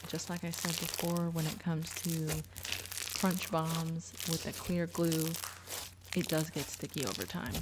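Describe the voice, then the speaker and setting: A woman talks through her slime reviews in a casual, gushing way. Her voice sits low. Clear crinkling, crunching and clicking play under her words throughout. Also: unhurried, very noisy. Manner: chatty and gushing.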